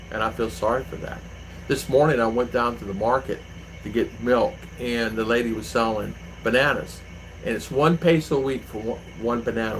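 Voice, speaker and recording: A man with a gravelly, mid-range voice and a fairly bright tone runs his own channel from home in the Philippines. He chats loosely with viewers, rambling through stories with plenty of fillers. There's a little hiss or hum in the rough recording.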